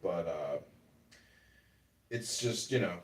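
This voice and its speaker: A man in casual chat who rambles, mocks and swears freely. His pitch leaps and dips in a lively way, and he sounds roomy and a bit off the mic. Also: takes it slowly, recorded from a distance, noisy background. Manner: profane, rambling, mocking. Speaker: podcast host and political candidate. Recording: roomy room, away from the mic.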